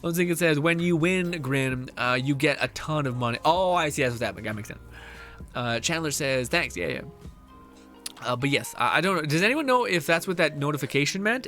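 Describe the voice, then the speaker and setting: Man, tired streamer, casual chat, reads messages aloud, laughs and swears, higher voice, faint background music. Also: lively intonation, a little fast, sharp tone. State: tired, mentally drained.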